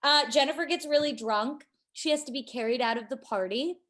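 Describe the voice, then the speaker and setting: A woman's voice: high voice, brisk, a bit bright. Dry, blunt woman podcast co-host. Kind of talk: casual chat recapping reality TV.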